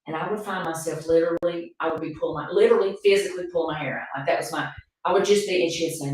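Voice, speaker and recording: A woman's voice: lowish voice, rapid-fire, a little mellow. A middle-aged woman from Appalachian North Carolina hosting a podcast, talking earnestly and repeating herself for emphasis. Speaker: podcast host. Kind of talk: emotional casual conversation. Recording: echoey room, far from the mic.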